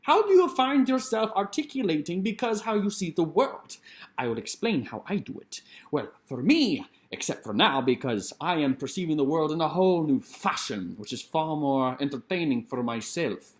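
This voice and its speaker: A man vlogging casually to camera at home on a computer microphone, playful and theatrical, jumping between loud and quiet. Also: big pitch swings, moderate pace. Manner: playful, theatrical, swings widely in pitch and loudness.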